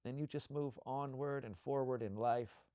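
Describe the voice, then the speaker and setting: Calm man leading a guided visualization. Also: mid-range voice, smooth, no room sound, clean studio sound. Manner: slow, soothing, repetitive coaching cues.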